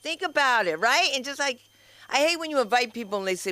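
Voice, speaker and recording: A woman's voice: mid-range voice, expressive, fast, pushed and bright. A woman emceeing an open mic at her small comedy club, chatty and upbeat with self-mocking asides.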